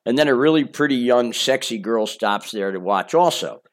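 A man's voice: mid-range voice, lively intonation, moderate pace. Older man reading his own memoir. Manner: casual, boastful storytelling with asides. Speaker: memoir narrator.

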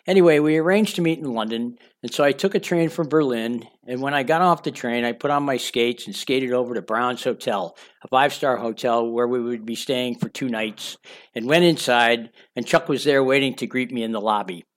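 A man's voice: mid-range voice, a little fast. An older man reading his own memoir aloud, candid and conversational, speaking straight to the listener. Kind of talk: audiobook memoir narration.

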